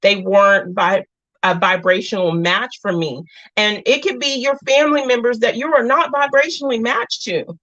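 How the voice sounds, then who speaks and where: Her pitch is fairly high and her intonation fairly even as she speaks at a moderate pace. She's a woman in her thirties hosting a heartfelt live chat, earnest and warm, straying off topic and coming back, emotional to the point of nearly crying. The sound is dull, dry and lo-fi, without echo.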